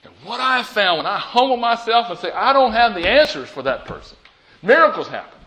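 A man preaching a sermon as pastor, swinging from loud and urgent to hushed and pleading as he acts out prayers. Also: a little high, slight background noise.

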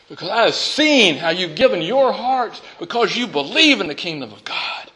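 Animated, bright-voiced preaching man. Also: high voice, moderate pace, few pauses, poor audio. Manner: lively, chuckling and emphatic. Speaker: pastor. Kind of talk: sermon.

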